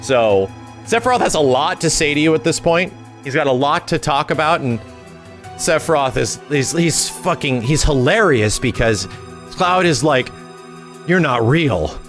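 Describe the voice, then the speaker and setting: A man hosting a gaming channel, recapping a game preview in an excitable, profane way, full of fillers and hummed tunes. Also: on the high side, moderate pace, faint music behind. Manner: excitable and profane, with lots of fillers and sung hums.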